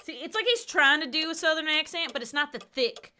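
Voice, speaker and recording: A woman's voice: sits high, very animated, a little fast, few pauses, pushed and bright, slight background noise. A woman in her thirties from the United States giving giddy, giggly livestream commentary on a game. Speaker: streamer. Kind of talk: let's-play livestream commentary.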